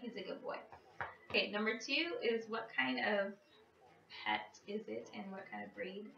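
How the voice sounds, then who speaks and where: A woman's voice: mid-range voice, normal speed, vocal fry, lo-fi sound, background noise. A woman vlogger chatting casually to the camera, with lots of fillers and small laughs. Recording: echoey room, mic at a distance.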